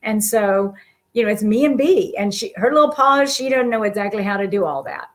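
A woman's voice: mid-range voice, expressive, brisk. Earnest woman sharing heartfelt encouragement. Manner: earnest, warm-hearted and encouraging, with soft laughs. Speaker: guest speaker. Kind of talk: heartfelt casual talk to an audience.

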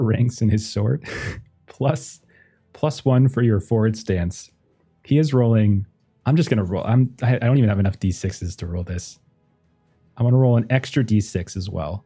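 Halting man running a tabletop game. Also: on the low side, gravelly, mellow, breathy edge. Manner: halting, thinks aloud with many fillers; laughs often while talking. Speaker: game master. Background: faint music.

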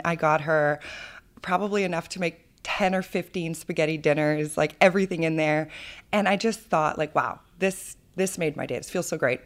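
A woman in her thirties with a Canadian accent, the founder of a charity, telling her story earnestly and with feeling in a podcast interview. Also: sits low. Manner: earnest, animated storyteller with fillers.

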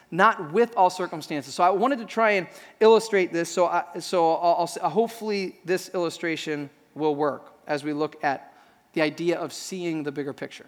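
High-voiced man preaching in a reverberant hall. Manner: animated storytelling with self-deprecating humor. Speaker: pastor. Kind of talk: sermon.

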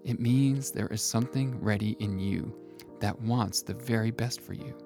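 A man with a low, gravelly voice speaks softly and intimately, coaching the listener on self-kindness and calling them his friend. Faint music plays under him. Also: normal speed. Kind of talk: gentle motivational monologue.

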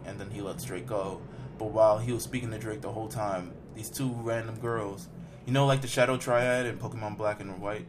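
A man's voice: fairly low pitch, fairly even intonation, brisk, background noise. A young man on a podcast rambling through a film recap with lots of fillers and profanity. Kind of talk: casual chat, recapping a film.

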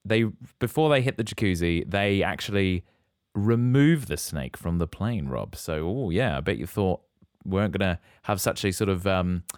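Low smooth-voiced male podcast host. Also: animated, normal speed, no echo, clean studio sound. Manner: teasing, recaps a film plot. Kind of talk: casual chat.

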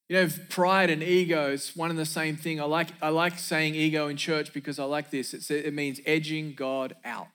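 A man's voice: a little high, flat delivery, moderate pace, hardly any pauses, fairly bright tone, smooth. A man preaching a sermon as pastor, emphatic, repeating key lines for effect and dropping in joking asides.

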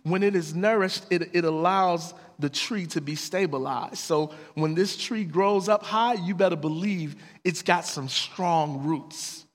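Higher-voiced man preaching in a reverberant hall. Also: unhurried, few pauses. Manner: earnest, plain-spoken, lively storytelling. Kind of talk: sermon with personal storytelling.

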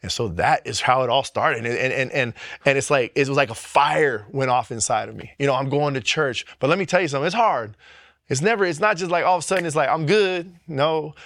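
A man's voice: mid-range voice, vocal fry, fairly bright tone, no room sound, studio quality. A man giving a personal faith testimony, speaking earnestly and emotionally, with frequent repetitions and restarts.

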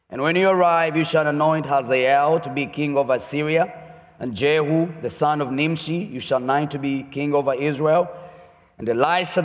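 A man preaching a sermon as pastor, lively and emphatic, often voicing pointed questions. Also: a little high. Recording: long hall reverb.

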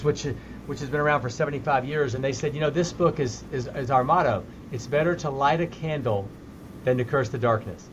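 A man's voice: a little high, muffled recording, slight background noise. A middle-aged man, a physician guest, answering interview questions sincerely and often repeating words as he starts a sentence.

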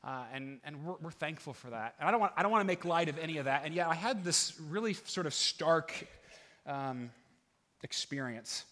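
A middle-aged man preaching as a pastor, earnest, with many restarts and fillers, getting animated as he goes. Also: fairly high pitch, moderate pace. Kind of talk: sermon with opening prayer.

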